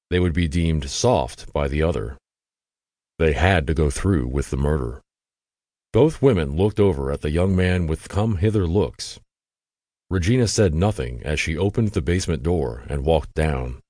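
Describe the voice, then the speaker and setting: A man reading a true-crime audiobook in steady, expressive scripted narration on a close studio mic. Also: very deep voice, no echo.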